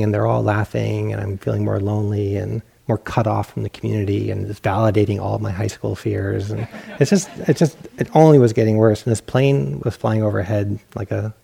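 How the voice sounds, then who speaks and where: A man's voice: lowish voice, vocal fry, mellow. A male meditation teacher giving a dharma talk, telling a personal story in a self-mocking way and acting out his own inner voice.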